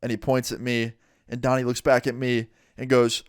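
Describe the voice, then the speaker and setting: A man's voice: medium pitch, monotone, normal speed, clear, resonant tone, no room sound, clean studio sound. A man in his twenties telling a story in a casual, slangy, swearing way. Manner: laid-back, slangy, swearing.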